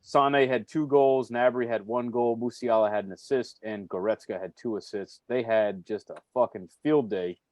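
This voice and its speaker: A man's voice: medium pitch, moderate pace, few pauses, darkish tone, no echo. A man co-hosting a casual soccer podcast, enthusiastic and laughing often. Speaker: podcast co-host. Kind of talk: casual chat.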